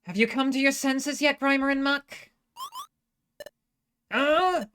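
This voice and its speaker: A woman voicing a bewildered, sheepish pair of grimy sludge creatures with a squeaky, excitable British-tinged voice. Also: slow.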